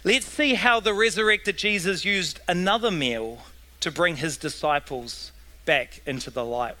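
Slow, bright-voiced male preacher. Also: high voice, low-quality recording. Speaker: pastor. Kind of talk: sermon.

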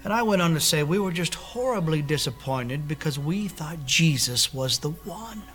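A man's voice: on the high side, animated, normal speed, a bit bright, faint music behind. A man playing a literal-minded, pedantic disciple in a church comedy skit who keeps asking for clarity. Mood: fussy. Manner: pedantic, insists on being clear.

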